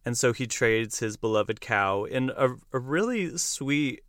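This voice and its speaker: A young man hosting a podcast, recapping a musical in casual chat, animated and quick to laugh. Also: medium pitch, no room sound, clean studio sound. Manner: enthusiastic storyteller who acts out lines and laughs often. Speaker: podcast host.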